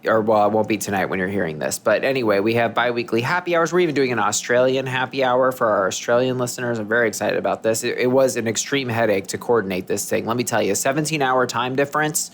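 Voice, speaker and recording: A man's voice: medium pitch, quick pace, few pauses, a little hiss or hum. A man co-hosting a podcast in casual chat, rambling, restarting his sentences and joking as he goes. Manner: rambling, self-interrupting, jokey. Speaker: podcast co-host.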